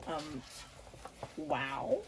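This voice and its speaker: A woman chatting casually to camera while unboxing, excitable and prone to gasps and squeals, then dropping into quiet mumbles. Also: low-pitched, very slow, creaky, background noise. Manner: drops to quiet mumbles between outbursts. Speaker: vlogger unboxing albums.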